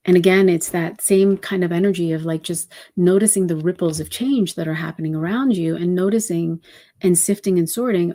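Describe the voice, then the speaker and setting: Mellow-voiced woman channeling. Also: fairly low pitch. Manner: meandering and reflective, many soft fillers. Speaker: numerology reader and channeler. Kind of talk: spiritual channeling talk.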